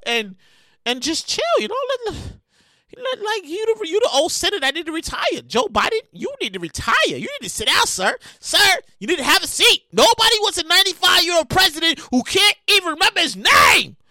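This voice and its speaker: A woman hosting a podcast, ranting loudly and comically with lots of profanity and shouting. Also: extremely high pitch, a little fast, dry recording. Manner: loud, animated, profane ranting with frequent shouting. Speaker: podcast host. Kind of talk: comedic current-events rant.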